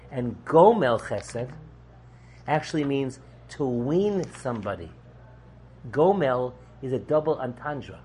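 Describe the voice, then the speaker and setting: Teaching an animated Torah class, a male rabbi poses rhetorical questions and answers them with humor, his voice moving between low, quiet stretches and loud, high ones. A little hiss or hum can be heard.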